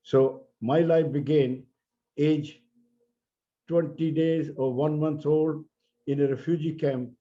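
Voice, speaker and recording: An older man with an Indian English accent giving an earnest, measured conference speech, stressing key words. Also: a little high, fairly even intonation, warm tone. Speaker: keynote speaker. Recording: dull lo-fi audio.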